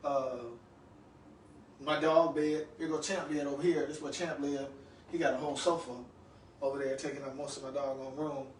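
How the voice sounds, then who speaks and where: A man's voice: medium pitch, little pitch movement, moderate pace, a little hiss or hum. A man in his fifties talking loosely to the camera in a home room, telling stories with lots of asides to the listener. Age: 50s. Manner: loose, chatty storytelling with frequent asides to the listener. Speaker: vlogger. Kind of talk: casual vlog monologue. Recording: roomy, far from the mic, music behind.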